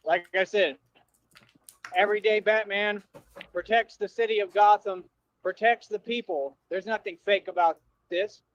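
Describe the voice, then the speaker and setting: In a ranting livestream monologue, a man with a high-sitting voice and fairly even intonation speaks at a measured pace. He's confrontational and slangy toward his viewers and keeps repeating himself, over dull, dry audio.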